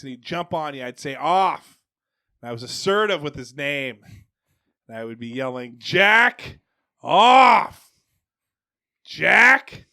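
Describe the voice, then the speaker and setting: Bright-voiced joking podcast host. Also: male voice, a little high. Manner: joking, laughs often, quizzes guests. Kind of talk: casual chat. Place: home garage.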